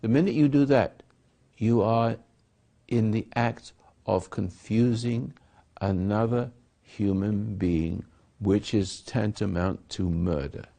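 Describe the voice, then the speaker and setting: A man's voice: lowish voice, slow pace, creaky, dark tone. A man speaking as a spiritual teacher in a sermon dialogue, rambling and acting out quoted voices.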